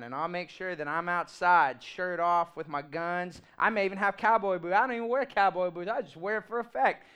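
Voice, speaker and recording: A man, preaching a sermon in an animated, humorous and emphatic way. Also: high-pitched, smooth. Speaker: pastor.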